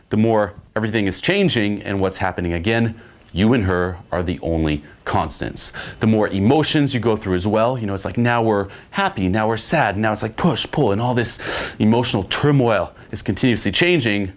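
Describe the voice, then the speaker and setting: A man coaching on dating in a casual, profane way, often checking in with "okay?". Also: lowish voice. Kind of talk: instructional monologue.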